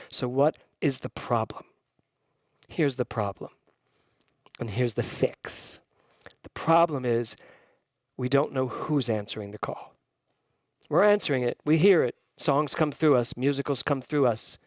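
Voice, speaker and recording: A male minister preaches a sermon with emphasis, leaping up in pitch and slowing down to stress key phrases. The recording carries no room sound.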